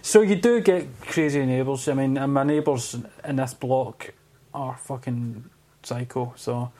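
A man hosting a casual podcast, with a voice of ordinary, middling pitch. He talks in a loose, chatty way, laughs easily and swears freely as he tells his stories. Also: measured pace, warm tone. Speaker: podcast host. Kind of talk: casual conversation.

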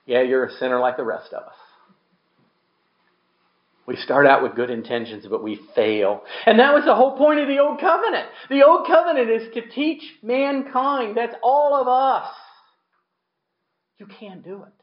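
A man's voice: very high voice, moderate pace, reverberant, highs cut off. A man preaching a sermon in a conversational way, asking the congregation questions and acting out quotes. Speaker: pastor.

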